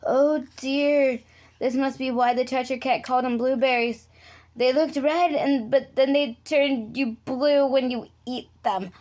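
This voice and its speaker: A woman's voice: high voice, fairly even intonation, unhurried, darkish tone. An eager, well-mannered young girl in a storybook, as a woman reading aloud puts her on. The voice sits a bit above the reader's own and stays polite and earnest. It is a light storytime voice.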